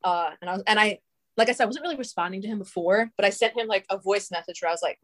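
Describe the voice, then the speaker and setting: A woman's voice: medium pitch, racing, fairly bright tone. A young adult woman telling a long story in casual, rambling talk, swearing often and filling her speech with "like". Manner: profane, filler-heavy, rambling.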